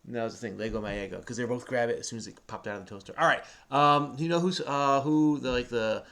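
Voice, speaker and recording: A man's voice: medium pitch, fast, a bit bright. A man hosting a crossword video, patiently and chattily explaining the clues to a child who does the typing. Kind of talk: casual explaining to a kid while solving.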